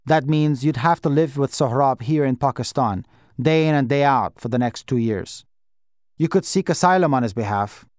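A man's voice: mid-range voice, normal speed, dry recording, clean studio sound, natural voice. A man doing a frank, businesslike lawyer. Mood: matter-of-fact. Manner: matter-of-fact, steady explaining. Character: frank, businesslike adult male immigration lawyer.

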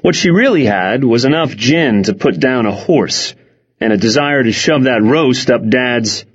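Here a man reads a first-person audiobook at a measured pace, his husky voice wry and expressive. His pitch moves around a lot with lively ups and downs, over dull, lo-fi audio.

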